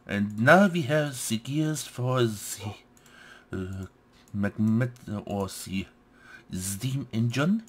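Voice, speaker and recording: A man's voice: medium pitch, extremely slow, fairly bright tone, a little hiss or hum. A man hosting a let's play, talking himself through crafting steps and muttering "yes, yes" to himself. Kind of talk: gameplay commentary.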